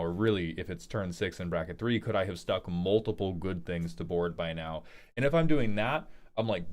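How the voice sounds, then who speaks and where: Young male streamer, low voice, casual rambling chat with viewers, playful. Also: moderate pace. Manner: rambling, joking, reads viewer messages aloud.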